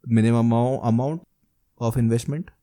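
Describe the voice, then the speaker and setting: A man's voice: medium pitch, steady tone, normal speed, warm tone. A man hosting a casual podcast, agreeing often and asking follow-up questions. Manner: agreeable, frequent affirmations, probing questions. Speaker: podcast host.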